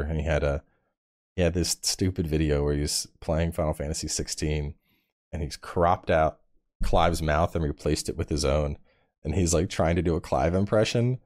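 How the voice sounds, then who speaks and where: Male podcast co-host, very deep voice, laid-back and profane. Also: fairly quick, darkish tone. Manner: laid-back, swears freely, laughs at his own stories. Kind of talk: casual chat.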